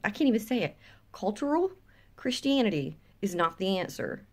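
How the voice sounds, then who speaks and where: A woman's voice: medium pitch, expressive, a little fast. Blunt, profane Southern woman vlogging. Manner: blunt, profane, dips into whispers for emphasis. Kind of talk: blunt opinion rant to camera. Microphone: phone held close.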